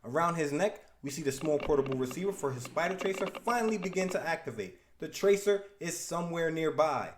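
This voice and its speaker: A man's voice: a little high, animated, a little fast, few pauses, noisy background. A man casually recapping a comic book issue with playful, wisecracking asides. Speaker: podcast host.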